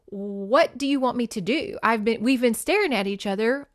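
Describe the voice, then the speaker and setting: A woman's voice: fairly high pitch, moderate pace, close to an everyday voice. A woman playing a sneering, hot-tempered young suitor. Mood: aggrieved. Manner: forceful, sneering. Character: jealous young man, proud and hot-tempered.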